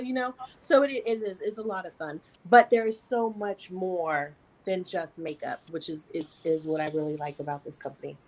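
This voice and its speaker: A woman from California, a guest on a casual live video chat, relaxed and storytelling, laughing easily. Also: mid-range voice, normal speed.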